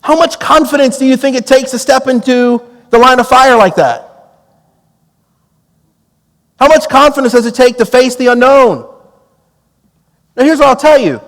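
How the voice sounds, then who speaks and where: A man preaching a storytelling sermon, drawing on his time as a police negotiator and acting out the dialogue with lively energy. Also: very high voice, moderate pace, big-room sound. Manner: animated, acts out quoted dialogue with laughs.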